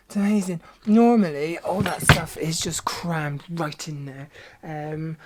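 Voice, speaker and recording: Guy, casual home vlog, upbeat, rambling with ums. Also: high-pitched. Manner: chatty, upbeat, many filler ums. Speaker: vlogger and workplace trainer.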